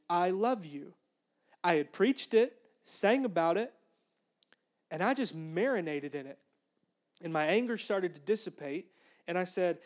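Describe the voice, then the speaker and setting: A man's voice: high voice, a little mellow. A man in his late twenties or thirties preaching a conversational, earnest sermon and acting out the inner voices he heard. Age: young adult. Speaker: pastor.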